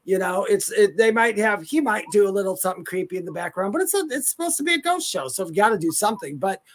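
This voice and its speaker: A man co-hosting a live chat show about the paranormal, talking casually with hesitant restarts and quick laughs. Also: high voice, lively intonation. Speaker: co-host.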